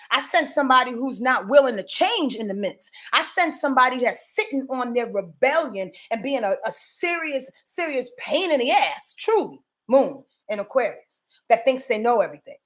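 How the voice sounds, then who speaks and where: A woman from Yonkers, New York, giving a casual astrology forecast. She swears freely and keeps checking that viewers are following her. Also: high voice. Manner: profane, animated, addresses viewers directly.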